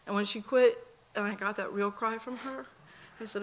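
A woman's voice: fairly high pitch, moderate pace, fairly bright tone. A middle-aged woman speaks at her daughter's memorial in a church. She tells homespun stories in an earnest, folksy way, quoting the people in them. A faint hum of the room sits behind her. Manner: earnest, folksy storytelling with quoted dialogue. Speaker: mother speaking at a memorial service. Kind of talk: personal eulogy storytelling. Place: church sanctuary.

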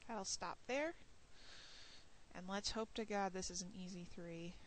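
A woman's voice: medium pitch, measured pace, a little hiss or hum, low-quality recording. A woman casually commentating her gameplay outdoors at night, muttering and swearing under her breath at missed shots. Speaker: let's play host.

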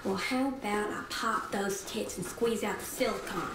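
A woman's voice: mid-range voice, moderate pace, reverberant, natural voice. An actress playing a crude, combative young woman who talks brashly. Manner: brash and foul-mouthed. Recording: TV clip with loud background noise.

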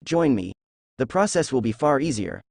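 A man's voice: mid-range voice, sing-song, moderate pace, gravelly, dry recording. A man voicing a scornful, snappish giant male fox beast in a read-aloud story, in a dry recording. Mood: solemn. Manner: contemptuous, snappish.

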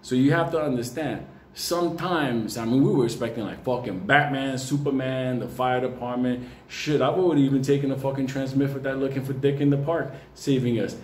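This market commentator's voice is medium-pitched, steady, and somewhat dark, moving a little fast as he tells a rambling, heavily profane personal story with frequent bursts of laughter. It's recorded in an echoey room with faint ambient noise.

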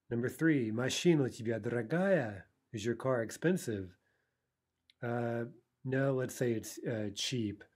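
A man's voice: medium pitch, lively intonation, a little slow, darkish tone. A man teaching a recorded language lesson, explaining patiently and often checking in with "right?" between points.

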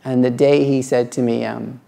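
A middle-aged man, a yoga teacher, talking reflectively and earnestly about his practice, halting often and restarting his sentences. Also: medium pitch, level tone, creaky, dark tone. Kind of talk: reflective personal talk.

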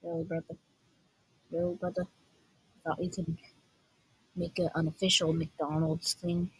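A woman reacting to videos in a husky, slightly breathy voice, often cutting in with short bursts of disbelief. She talks at an unhurried, drawn-out pace, and the sound is dry and close, with almost no room echo. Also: on the low side, flat delivery. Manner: incredulous, quick outbursts of disbelief. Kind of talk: casual reaction commentary.

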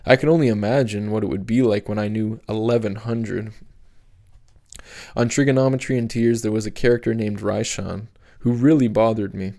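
A man narrating an audiobook chapter in a steady, measured reading. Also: fairly low pitch, vocal fry. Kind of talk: scripted narration.

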